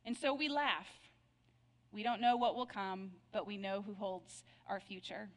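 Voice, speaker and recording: A woman's voice: medium pitch, steady tone, unhurried. A woman pastor telling Bible jokes in a sermon, playful and laughing at her own punchlines. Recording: long reverb of a large hall.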